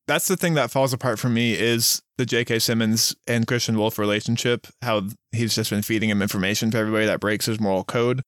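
A man's voice: on the low side, fairly even intonation, fast talker, hardly any pauses, a bit bright, no echo, clean studio sound. Man picking apart a movie's plot. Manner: analytical, points out plot problems. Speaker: podcast co-host. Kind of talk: casual movie discussion.

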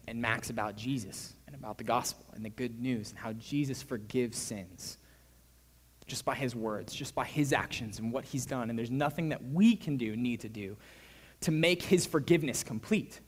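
A young man preaching a sermon, telling a story with bursts of excitement and hushed, quiet stretches. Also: medium pitch, moderate pace. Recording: long reverb of a large hall.

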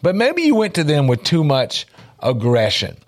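Animated earnest male Bible teacher. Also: fairly high pitch, moderate pace. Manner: earnest, repeats points for emphasis.

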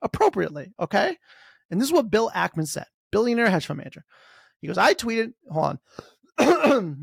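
Sarcastic podcast guy, gravelly voice, big swings in pitch, dry close sound. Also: no room sound. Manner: sarcastic, mocks others in put-on voices. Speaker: podcast host. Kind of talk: casual podcast commentary.

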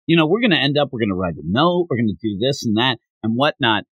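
A man's voice: medium pitch, very animated, fast, dry recording, muffled recording. A man co-hosting a podcast, chatting casually about a manga chapter, laughing and acting out the characters' lines. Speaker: podcast co-host.

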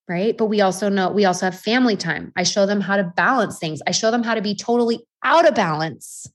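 Woman in her thirties, life coach and podcast host. Candid and self-deprecating motivational talk, heavy on rhetorical questions. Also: medium pitch.

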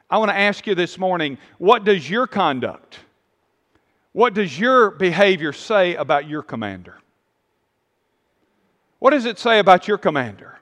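A man's voice: high-pitched, very animated, measured pace, long pauses, fairly bright tone, long reverb tail. A man preaching a sermon with emphatic, rising and falling delivery and repeated phrases.

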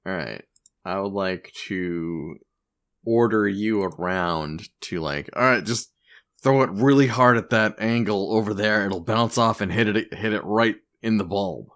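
A man at a tabletop game talks in a low voice. He hesitates and repeats words, and he checks the rules as he plays. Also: unhurried, fairly bright tone. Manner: hesitant, repeats words, asks rule questions. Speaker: player. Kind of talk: casual tabletop play.

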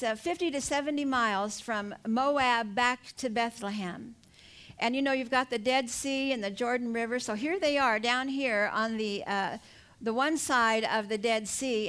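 An older woman delivers a sermon in a high, light voice. She tells the story in a lively, animated way and laughs now and then. She presses each point home with emphatic appeals to her listeners. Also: moderate pace, clear, resonant tone. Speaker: preacher.

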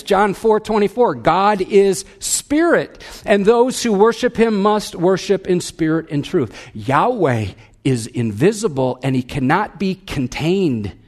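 Emphatic preaching man, higher voice. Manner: emphatic preaching with wide swings of pitch and loudness. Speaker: pastor. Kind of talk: sermon.

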